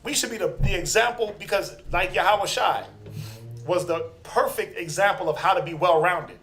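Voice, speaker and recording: A man leads a scripture class in a high, animated voice, bouncing questions to his group and slipping into the voices of the people he quotes. The room is echoey and reverberant. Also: moderate pace. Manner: animated, acts out quoted people, calls for responses. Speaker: Bible class teacher.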